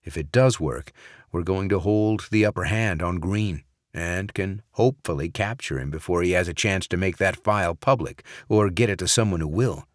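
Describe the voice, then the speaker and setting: Brief: narrator playing a steady lead male agent in a thriller audiobook, very deep voice, dry sound. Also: moderate pace, dry recording, natural voice. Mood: firm. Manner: firm, steady. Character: calm, decisive male spy lead.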